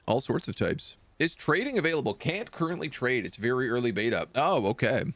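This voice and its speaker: A man's voice: medium pitch, lively intonation, a little fast, a bit bright, no echo. A man streaming a video game, chatting casually and reading the game's text aloud.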